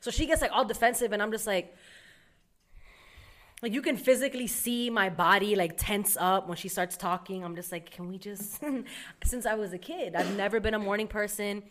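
A young woman casually telling a story, animated and profane, acting out her mother's lines. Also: mid-range voice, moderate pace.

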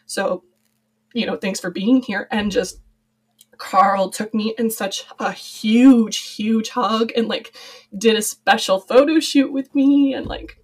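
A woman's voice: medium pitch, slow. A young adult woman, a podcast guest and former cast member, talking in a chatty, rambling way with many fillers. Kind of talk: casual podcast conversation.

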